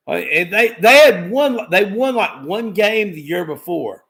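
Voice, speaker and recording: Guy running trivia on a livestream, kinda high voice, gets loud and swears, repeats stuff. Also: measured pace, few pauses. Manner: excitable, swears casually, repeats himself. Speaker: livestream host. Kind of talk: casual trivia chat on a live stream.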